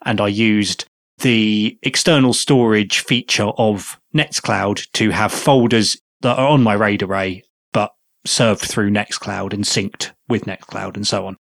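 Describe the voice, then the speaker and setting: A man's voice: mid-range voice, creaky, fairly bright tone, no room sound, clean studio sound. A man co-hosting a podcast, methodically walking through a technical task in casual chat. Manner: methodical, step-by-step explaining. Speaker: podcast co-host.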